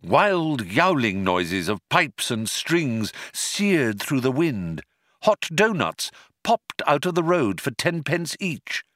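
A man narrating a story in a measured, wry storytelling manner. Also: mid-range voice, big pitch swings, fairly bright tone, no room sound, clean studio sound. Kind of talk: audiobook narration.

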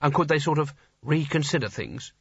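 A man voicing a fierce young warrior woman who gives sharp, commanding orders. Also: a little high, expressive, brisk, creaky, slightly rough, dry recording, dull audio, exaggerated voice. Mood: urgent. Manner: sharp and commanding, turning desperate.

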